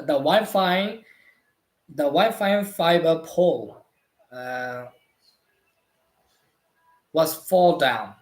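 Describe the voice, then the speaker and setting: Halting Burmese-accented male English teacher. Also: a little high, echoey room. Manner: halting, self-correcting, praises students. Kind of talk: casual live class chat.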